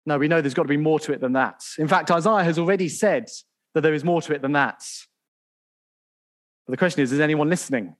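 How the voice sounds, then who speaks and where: A man preaching a sermon, calling out in loud animated bursts and reading scripture aloud at length. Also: a little high, fast talker. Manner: animated, calls out loudly in bursts.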